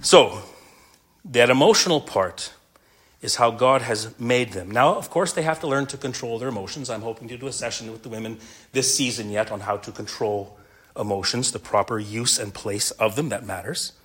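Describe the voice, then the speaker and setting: A man's voice: medium pitch, moderate pace, fairly bright tone, breathy edge. A middle-aged male pastor delivering a sermon to men, earnest and mixing in a humorous personal story.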